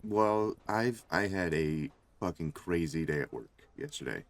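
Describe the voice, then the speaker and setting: A man's voice: low-pitched, lively intonation, unhurried. A male streamer telling a casual, rambling story full of swearing and fillers. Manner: rambling, profane, lots of fillers.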